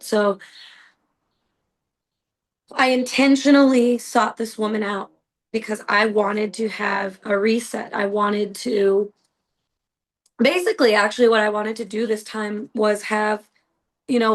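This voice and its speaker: A woman with a mid-range voice hosts a podcast, telling a personal story in a casual, earnest, rambling way full of "like" and "you know." The audio is poor.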